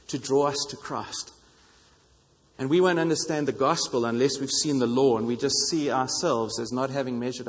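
A man preaching a sermon in an earnest way, repeating phrases for emphasis. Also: medium pitch. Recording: long reverb of a hall.

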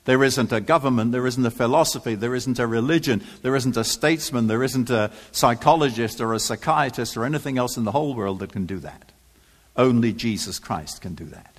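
A man's voice: mid-range voice, a little fast. A man preaching a sermon in church, emphatic and rhetorical, repeating phrases for effect with touches of dry humor.

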